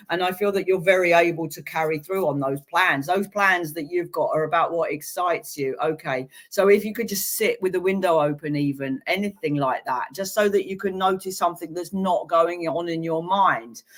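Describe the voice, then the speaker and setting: A woman working as a psychic medium, giving live-streamed readings to viewers in a gentle, reassuring way with playful asides. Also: lowish voice.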